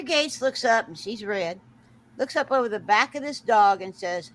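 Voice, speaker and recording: A middle-aged woman hosting a casual chat, telling a story with lively acted-out quotes and frequent laughter. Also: on the high side, normal speed, poor audio. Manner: animated storyteller, acts out quotes, laughs often. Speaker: host.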